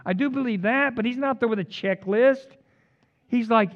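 A pastor preaching to his congregation, his fairly high voice swinging widely from soaring declarations down to low, wry asides. He teases the room with humor as he teaches. The sermon recording sounds dull and lo-fi, muffled in the upper tones. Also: normal speed. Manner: animated preaching with sudden loud peaks and quiet asides.

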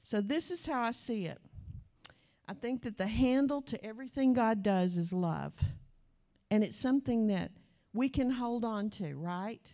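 A woman preaching a sermon to a congregation, telling a family story in a chatty, animated way and speaking straight to her listeners. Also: a little high, a little slow, muffled recording.

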